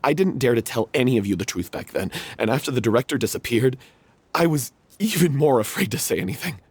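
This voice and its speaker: A guilt-ridden young actor from a video game, confessing in a husky, dry voice. His delivery swings widely from a low murmur to high, pleading peaks. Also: expressive, fast, no echo. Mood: remorseful. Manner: confessing, remorseful, self-loathing. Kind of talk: game voice acting.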